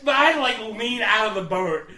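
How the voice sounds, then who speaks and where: A man co-hosting a casual podcast, telling stories loudly with lots of swearing. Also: high-pitched, lively intonation, moderate pace, reverberant, distant mic. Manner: loud, profane storytelling, yelling in bits. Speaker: podcast co-host. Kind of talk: casual chat.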